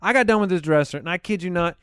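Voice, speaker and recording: A man's voice: sits high, fast, a bit bright, clean tone, dry recording, studio quality. A man co-hosting a comedy podcast, telling stories in casual chat and acting out his own thoughts. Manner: storytelling, acts out his own inner voice. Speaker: podcast co-host.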